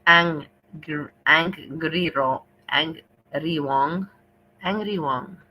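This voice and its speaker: A woman's voice: low-pitched, very slow, pushed and bright, slight background noise, poor audio. A woman hosting a casual livestream, chatting affectionately and playfully with her viewers. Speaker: livestream host.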